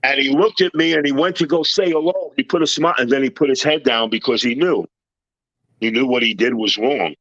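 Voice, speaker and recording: A man's voice: mid-range voice, brisk, fairly bright tone, no echo, lo-fi sound. A man telling personal stories in a casual interview, blunt and tough-talking, acting out what people said.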